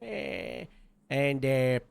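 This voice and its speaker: A man's voice: mid-range voice, lively intonation, extremely slow, gravelly, smooth. A man telling a long story in character during a roleplay game, rambling with lots of filler and restarts.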